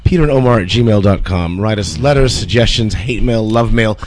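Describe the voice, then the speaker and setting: A man co-hosting a casual podcast, joking and chiming in with quick asides. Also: lowish voice, a little mellow, slight background noise. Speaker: podcast co-host.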